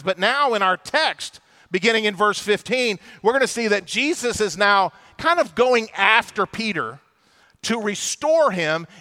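Male pastor, high bright tone, animated sermon storytelling with acted-out voices.

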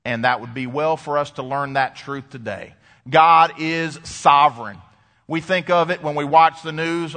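Emphatic high-voiced male preacher. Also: normal speed, bright, forceful tone, long reverb tail. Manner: emphatic preaching, rising and dropping sharply. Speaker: pastor. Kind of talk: sermon.

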